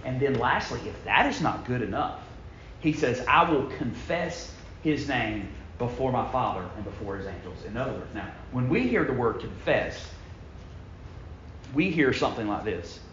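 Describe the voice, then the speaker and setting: A man preaching a sermon in a church, emphatic, swinging from loud bursts down to low, quiet lines. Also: lively intonation, normal speed, slight background noise. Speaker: pastor. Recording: echoey room, dull lo-fi sound.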